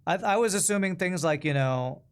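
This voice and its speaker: Relaxed male game streamer. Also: high-pitched, fairly quick, smooth. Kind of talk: casual gameplay commentary.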